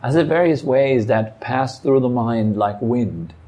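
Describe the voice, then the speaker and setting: A man gives a meditation talk. His voice is mellow and relaxed, at an ordinary male pitch. He speaks calmly and reflectively, in short phrases broken by pauses. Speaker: meditation teacher. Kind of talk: dharma talk. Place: meditation hall.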